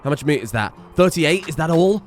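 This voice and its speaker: A man with a fairly high, very lively voice, commentating on his own gameplay in bursts of exasperation and cursing. He keeps talking to the little characters on screen as he plays. Soft music runs underneath. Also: brisk. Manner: animated, exasperated, swears often, talks to game characters. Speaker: gaming video creator. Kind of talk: let's-play game commentary.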